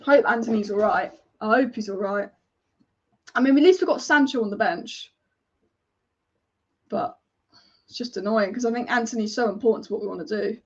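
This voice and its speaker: A woman's voice: mid-range voice, normal speed, long pauses, slightly rough, highs cut off. A woman hosting a live football watch-along, chatty, opinionated and often exasperated.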